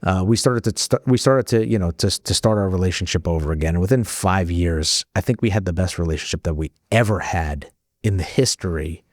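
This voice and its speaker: A man speaks in a lowish register as a podcast guest, telling a personal story in a relaxed conversational way. He restarts phrases often and lifts his voice sharply when he acts out dialogue. The sound is close and dry. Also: dry recording. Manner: animated when acting out dialogue, frequent restarts.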